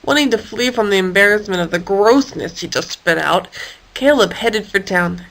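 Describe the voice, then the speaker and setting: A woman reading a children's story aloud in an expressive, playful way. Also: medium pitch, normal speed, vocal fry, poor audio. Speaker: storybook reader.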